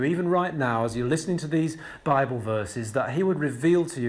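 Earnest preacher man, slightly high voice. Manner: emphatic, stressing key words with slow deliberate repetition; conversational asides with frequent fillers and restarts. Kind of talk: sermon.

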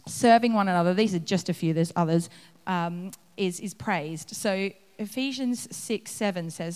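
A woman giving a conversational sermon, acting out the scenes she describes. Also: mid-range voice. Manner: conversational, acts out scenes with laughs. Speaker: preacher. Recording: long reverb of a hall.

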